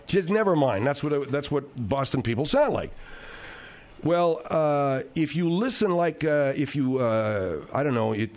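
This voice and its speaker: A man's voice: on the high side, animated, a little slow, a little mellow. A man hosting a radio talk show, telling rambling, digressive stories with frequent restarts.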